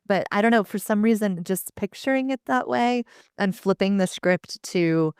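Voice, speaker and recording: Podcast co-host, woman, low gravelly tone, blunt and animated, dry close sound. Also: normal speed, no echo. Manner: animated, blunt, swears freely. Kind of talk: casual podcast chat.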